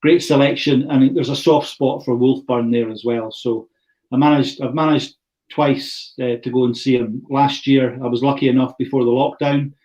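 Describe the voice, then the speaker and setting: A middle-aged Scottish man with a far-northern accent talks through a whisky tasting over a video call. He rambles warmly from one story to the next and keeps restarting his sentences. His voice sits at an ordinary pitch and comes through slightly muffled. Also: fairly even intonation, moderate pace. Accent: Scottish, far north (Caithness). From Thurso, north of Scotland. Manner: chatty, rambling storyteller, often restarting phrases. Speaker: whisky distillery presenter. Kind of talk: online whisky tasting talk.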